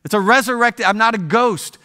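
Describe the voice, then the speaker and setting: A man in his sixties from Ohio, speaking as a guest in a church auditorium, delivers a humorous sermon story with joking asides to the audience. His voice sits high and is fairly quick, bright and forceful.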